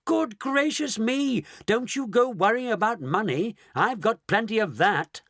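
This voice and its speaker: A man voicing an eccentric, brisk chocolate maker who hurries everyone along in a storybook reading. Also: sits high, expressive, a bit bright, no echo, clean studio sound, pitched above the performer's own voice. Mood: delighted. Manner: brisk and theatrical.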